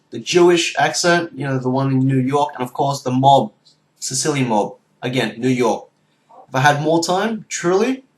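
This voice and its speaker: A young man, a university student, wrapping up his video in an energetic, earnest way. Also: a little high, rough recording. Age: young adult. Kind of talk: casual video outro to camera.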